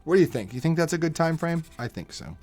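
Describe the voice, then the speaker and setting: A young man chatting casually on a live stream, animated, laughing often and slipping into quick impressions. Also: on the high side, faint music behind.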